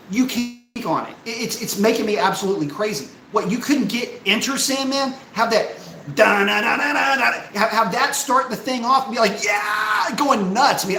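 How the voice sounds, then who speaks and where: High, bright-voiced man ranting on a stream. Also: roomy sound, slight background noise, rough recording. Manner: animated, profane, exasperated ranting. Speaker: live-stream host. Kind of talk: casual live-stream rant.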